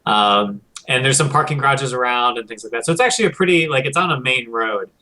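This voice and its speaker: A man's voice: mid-range voice, fast talker, sharp tone, rough recording. A man from Michigan chatting as a guest, rambling with lots of fillers. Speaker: guest commentator. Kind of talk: casual chat.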